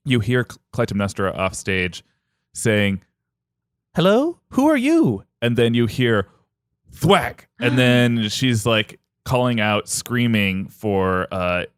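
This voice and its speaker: A man narrates a myth as a podcast host, his voice smooth and a little low. He slips into short voices for the characters. The sound is close and dry. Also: no echo. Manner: animated, acts out characters in quick bits. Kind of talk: comedic storytelling chat.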